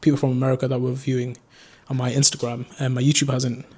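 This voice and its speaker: A young man with a Geordie accent that slides toward southern English. He talks at an ordinary middle pitch in a loose, rambling, self-mocking way, chatting to his viewers indoors. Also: completely flat delivery, fast talker, a little mellow, breathy edge. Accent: Geordie mixed with southern English. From North East England. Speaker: drone vlogger. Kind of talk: casual unscripted chat to camera.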